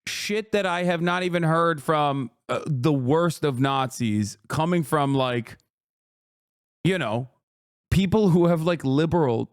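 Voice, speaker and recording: Male streamer, heated profane ranter, higher-pitched voice, dry close sound. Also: clear, resonant tone, no echo. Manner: profane, heated ranting with sarcastic mockery. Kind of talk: live stream commentary.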